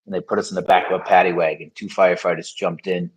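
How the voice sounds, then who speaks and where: A man's voice: low-pitched, level tone, fast, slightly rough, poor audio. A man as a podcast guest, telling his story in frank, casual conversation with many fillers.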